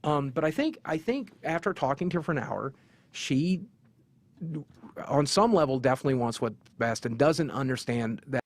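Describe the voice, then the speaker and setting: A man's voice: mid-range voice, expressive, moderate pace, dry recording. A man being interviewed, answering candidly and telling stories in a blunt, profane way. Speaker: interview guest. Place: convention interview setting.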